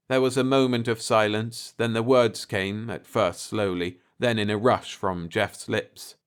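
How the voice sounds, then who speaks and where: Male narrator for a bedtime story, calm, very slow delivery. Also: lowish voice, clean tone. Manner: calm and unhurried.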